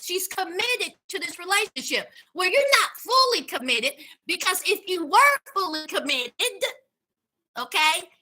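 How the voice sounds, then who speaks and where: A woman's voice: very high-pitched, bright, forceful tone. A woman giving a sassy, dramatic casual commentary recap as a YouTube host, calling her listeners honey and child.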